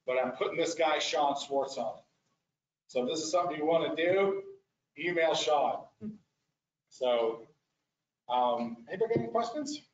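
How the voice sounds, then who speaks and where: A restoration practitioner gives a casual, rambling presentation at a board meeting, restarting often. His voice is a little high with lively intonation at a normal speed and long pauses, captured as echoey, muffled meeting room audio.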